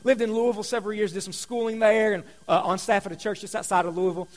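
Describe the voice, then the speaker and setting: A man preaching a sermon, telling stories in a conversational way, going from loud emphasis to hushed asides. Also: high-pitched, fairly even intonation, fast talker. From Kentucky. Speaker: pastor.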